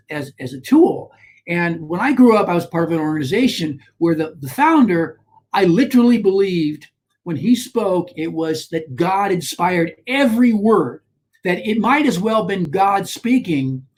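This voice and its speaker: A man, a guest on a talk show, telling a personal story in an animated way, with frequent restarts and rising emphasis. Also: high voice. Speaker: guest, author on shame.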